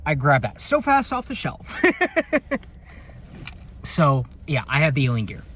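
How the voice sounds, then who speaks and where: His mid-range voice swoops wildly in pitch, a bit bright, at normal speed, with a little hiss or hum on the phone recording. He's a security officer in his patrol car at night, casually vlogging, rambling, joking and slightly profane.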